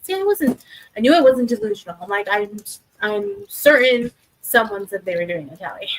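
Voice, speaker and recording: A woman's voice: fairly high pitch, sing-song, normal speed, poor audio. A young woman hosting a livestream, chatting casually with viewers from her desk and rambling with many fillers and restarts. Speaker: livestream host. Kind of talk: casual chat with live chat. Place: home desk.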